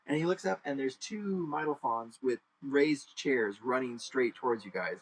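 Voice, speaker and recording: A man's voice: expressive, moderate pace, few pauses, low-quality recording. A man narrating and running a tabletop role-playing game as game master, talking loosely with many fillers. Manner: rambling with many fillers, bursts into high shouted character voices.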